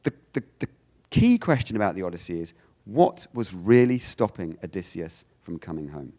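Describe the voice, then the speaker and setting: A man giving a theology lecture in a conversational, animated way, often repeating words and saying "you know". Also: deep voice, moderate pace. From United Kingdom. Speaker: guest lecturer.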